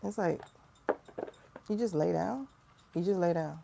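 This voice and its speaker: A woman hosting a casual livestream tarot reading, chatty and animated, with sudden mocking asides to her viewers. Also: fairly low pitch, measured pace, vocal fry, noisy background. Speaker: tarot reader and livestream host.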